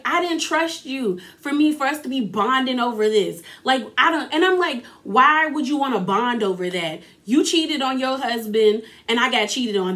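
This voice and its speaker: A woman hosting a casual reality TV recap, talking in an animated, sassy way and acting out what people said. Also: high-pitched, normal speed. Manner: animated, sassy, acts out quotes in her own voice.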